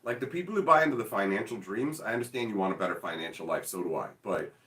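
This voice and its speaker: A man rambles through a casual chat, laughing often and packing his talk with "like". His pitch swings lively up and down. He sits back from the mic in an echoey room. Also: fast, far from the mic. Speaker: card game channel host.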